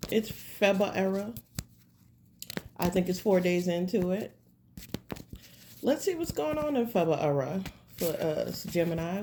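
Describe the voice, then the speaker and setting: A woman's voice: mid-range voice, dark tone, a little hiss or hum. A woman giving a casual tarot reading at home, talking straight to her viewers in a rambling, slangy, laid-back way. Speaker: tarot reader.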